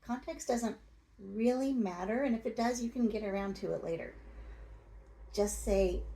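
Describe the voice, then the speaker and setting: A woman's voice: a little high, moderate pace, dark tone, poor audio. A woman talking straight to her audience in a coaching, plain-spoken advice monologue. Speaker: self-help video host.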